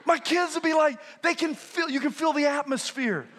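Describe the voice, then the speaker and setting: A man in his fifties preaching a lively sermon as a pastor, telling stories and often shouting with laughter. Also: very high voice, moderate pace. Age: 50s. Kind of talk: energetic sermon.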